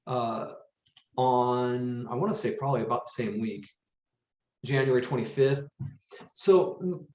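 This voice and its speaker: A fairly high-voiced man talks through the week ahead in a loose, rambling way, circling back and restarting his sentences. He grew up in Las Vegas, and his voice rings in a roomy, echoey space. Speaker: co-host. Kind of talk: casual market chat.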